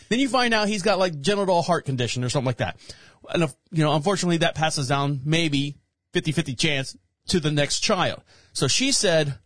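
A man's voice: sits high, fairly bright tone, no room sound. A man hosting a show, reading news headlines and rambling jokingly about them in casual commentary. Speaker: show host.

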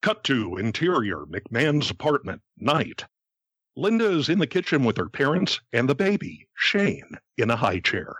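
A man's voice: mid-range voice, very animated, moderate pace, a bit bright, husky, no room sound. A man reading the stage directions of a comedic script aloud. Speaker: script narrator.

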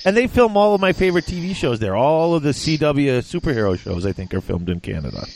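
Man, podcast host, casual chat, joking, lively pitch. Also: fast, a little hiss or hum. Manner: animated, joking, teasing.

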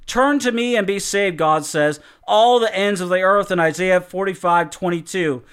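A man giving an earnest, measured Bible teaching and reading scripture quotes in a sermon style. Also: high voice, a bit bright, clean tone.

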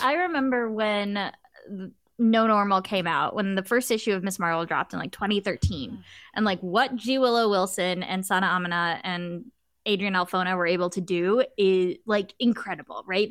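A woman author as a guest in a casual chat, excited and talkative. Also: medium pitch, moderate pace, no room sound. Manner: excited, chatty, many likes.

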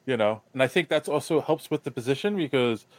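A man's voice: mid-range voice, expressive, fairly quick, no echo. A man co-hosting a podcast in a casual chat, talking in a rambling way with lots of fillers. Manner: rambling, many fillers like "you know". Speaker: podcast co-host.

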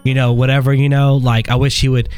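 A man's voice: medium pitch, fast, smooth, faint music behind. A man from Texas co-hosting a podcast, telling a story in casual chat and acting out what others said, laughing often. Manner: animated, acts out quoted dialogue, laughs often. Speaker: podcast co-host.

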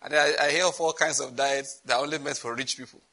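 A man's voice: mid-range voice, fairly even intonation, quick pace, vocal fry, sharp tone, low-quality recording. A man preaching a sermon on prayer, chatty and often breaking into laughter. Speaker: pastor.

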